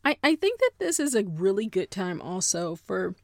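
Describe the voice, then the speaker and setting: Animated, playful woman on a dry mic. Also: mid-range voice, normal speed, no room sound. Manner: animated, playful, acts out quotes in exaggerated voices. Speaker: podcast host. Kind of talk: casual comedic commentary.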